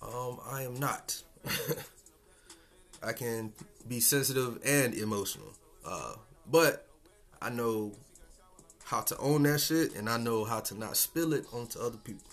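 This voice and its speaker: A man's voice: medium pitch, a little slow, fairly bright tone. A man hosting a casual solo podcast, talking in a laid-back, slangy and profane way and chuckling often. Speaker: podcast host.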